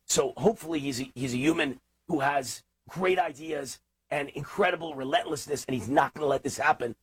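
A man's voice: on the high side, brisk, breathy edge. A man hosting a talk radio show, delivering an impassioned, ranting political monologue.

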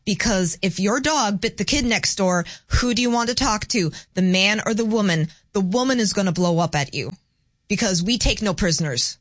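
A woman's voice: medium pitch, expressive, normal speed, no room sound. A woman who is the guest co-host on a talk radio show, speaking in a blunt, emphatic, opinionated way in casual chat. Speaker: co-host, host's wife. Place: radio studio. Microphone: studio microphone.

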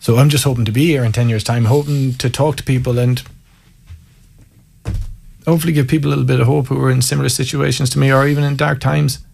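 With a fast pace, medium pitch, fairly even intonation, vocal fry, and a slightly mellow tone, a man from County Mayo, Ireland, speaks in an Irish accent. A former Gaelic footballer, he's a guest telling frank, self-mocking stories and reflecting openly in conversation.

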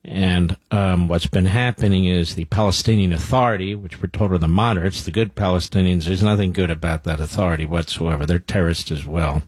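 Deep husky talk radio host. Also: male voice, steady tone, a little fast, few pauses, a little mellow, no echo. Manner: blunt, combative. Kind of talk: opinionated talk radio monologue.

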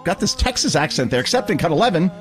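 A man hosting a talk radio show, delivering sarcastic, mocking political commentary. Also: quick pace. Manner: sarcastic, mocking, lively pitch swings.

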